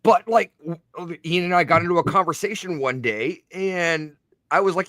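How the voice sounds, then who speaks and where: A man's voice: high-pitched, normal speed, pushed and bright, no room sound. A man telling stories in a casual chat, easygoing and talkative. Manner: easygoing storyteller.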